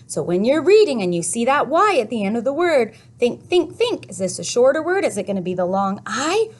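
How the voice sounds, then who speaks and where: A woman teaching a children's phonics lesson, telling a little story slowly and playfully with sound effects. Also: fairly high pitch, big pitch swings.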